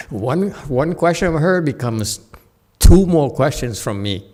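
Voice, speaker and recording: A man's voice: on the high side, lively intonation, unhurried, darkish tone. A man giving a playful Buddhist dharma talk at a meditation center, laughing often and checking in with his listeners. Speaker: meditation teacher.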